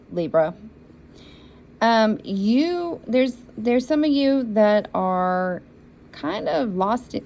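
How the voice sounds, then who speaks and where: A woman's voice: mid-range voice, creaky, darkish tone, slight background noise, low-quality recording. A woman giving a spiritual reading for zodiac signs, talking in an encouraging, repetitive and emotional way. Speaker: intuitive reader.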